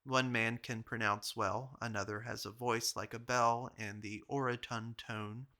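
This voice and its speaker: Bright-voiced man reading aloud. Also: medium pitch, little pitch movement. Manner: measured, literary delivery. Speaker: reader. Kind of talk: audiobook reading of a journal.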